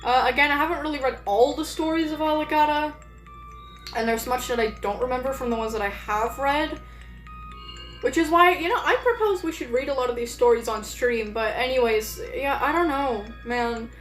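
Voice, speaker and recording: A woman's voice: high-pitched, moderate pace, fairly bright tone, faint music behind. Rambling streamer woman, echoey room. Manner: rambling, many fillers and restarts. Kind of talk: casual live-stream chat.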